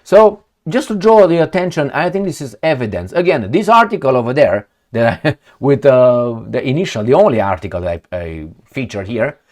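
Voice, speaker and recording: A man's voice: medium pitch, very animated, normal speed, darkish tone. A man with a non-native accent hosting an opinionated commentary vlog, firing rhetorical questions at the viewer in a ranting way. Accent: non-native accent of English. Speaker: political commentary host.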